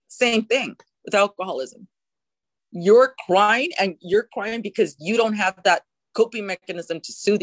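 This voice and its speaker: Female interview guest, frank and emotional storyteller, mid-pitched, dry close recording. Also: dry recording. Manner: emotional and frank, occasional swearing. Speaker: guest sharing recovery story. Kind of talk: candid personal storytelling.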